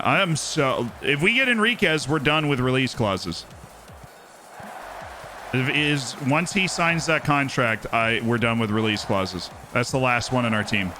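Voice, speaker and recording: A man streaming a game live, commenting on the play and answering chat in a joking, animated way. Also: medium pitch.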